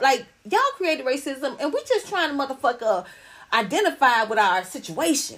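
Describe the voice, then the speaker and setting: A woman's voice: high voice, animated, moderate pace, a little hiss or hum. A middle-aged woman hosting a podcast, talking casually to viewers in a blunt, profane and preachy way. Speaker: podcast host. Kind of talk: casual livestream talk to viewers.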